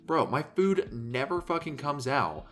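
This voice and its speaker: A young man co-hosting a casual podcast, spinning a story with lots of energy and loose swearing. He mimics the people in his story as he goes, and his voice sits in a mid pitch. Faint music plays under the talk. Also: big pitch swings, unhurried, fairly bright tone. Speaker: podcast co-host.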